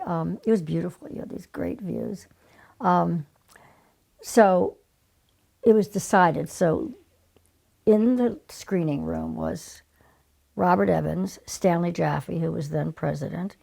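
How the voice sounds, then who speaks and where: A woman in her seventies, a casting director telling lively stories in an interview, with breathy whispered asides. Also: fairly low pitch. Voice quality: gravelly. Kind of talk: anecdotal interview storytelling.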